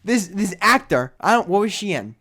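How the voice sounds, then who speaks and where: A young man cohosting a podcast, telling jokey stories in casual chat that drop to quiet mumbles and swing back up loud. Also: sits high, normal speed. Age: young adult. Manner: animated storytelling, jokey, trails into mumbles. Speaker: podcast co-host.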